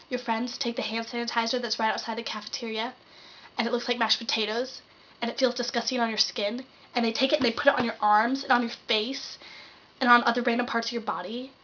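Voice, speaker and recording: A woman's voice: on the high side, fairly bright tone, dull audio. A teenage girl doing a sarcastic, exasperated comic rant to the camera. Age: teens. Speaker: vlogger.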